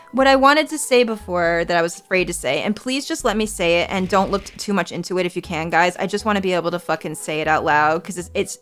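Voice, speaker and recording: A woman's voice: lowish voice, fairly bright tone. Streamer, woman in her 40s, earnest reassuring chat, salty language. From United States. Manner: earnest, reassuring, swears freely. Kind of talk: casual chat to stream viewers.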